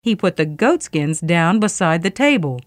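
Woman reading a myth aloud, lively pitch, dry close sound, expressive. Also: normal speed, no echo. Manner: expressive storytelling. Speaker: storyteller.

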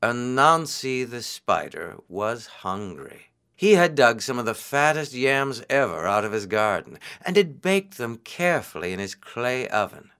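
A man reading a children's folk tale aloud in an expressive, unhurried way. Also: mid-range voice, clear, resonant tone. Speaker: storyteller.

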